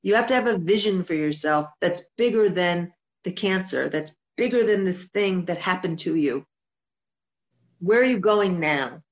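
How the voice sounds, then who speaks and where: A woman's voice: fairly low pitch, expressive, moderate pace. A woman singer-songwriter talking as an interview guest, heartfelt and emphatic, often repeating her points. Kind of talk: earnest interview talk. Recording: dull lo-fi sound.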